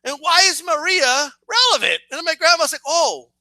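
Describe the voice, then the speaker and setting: A man in a casual comedic rant, profane and animated, who keeps asking "right?" to his listeners. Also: very high-pitched, moderate pace, no echo. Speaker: vlogger.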